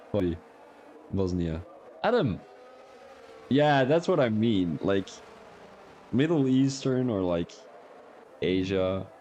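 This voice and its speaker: Young man, sim racing stream commentary, lively up-and-down pitch, faint hiss behind. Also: highs cut off. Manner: casual, joking, chats with viewers while commentating.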